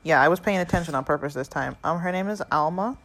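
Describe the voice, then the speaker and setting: A woman's voice: low-pitched, quick pace, a loud crowd, rough recording. A woman co-hosting a podcast, casually recapping a movie scene by scene. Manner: chatty, recaps with quoted lines. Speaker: podcast co-host.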